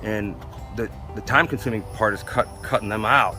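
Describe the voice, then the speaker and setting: A man's voice: fairly low pitch, normal speed, music in the background. A man from Florida who works as an artist, telling stories in an interview and acting out what other people said. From Florida, USA. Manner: animated, acts out other people's lines. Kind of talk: interview storytelling.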